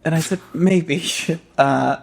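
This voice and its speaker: A man's voice: medium pitch, moderate pace. A young American man co-hosting a comedy podcast, bantering in a dry, theatrical, self-mocking way. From United States. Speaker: podcast co-host. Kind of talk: casual comedic chat.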